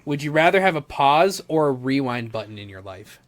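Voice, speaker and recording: Lively joking man on a podcast. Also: medium pitch. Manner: joking, teasing, quick to laugh. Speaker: podcast co-host. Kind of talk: casual chat.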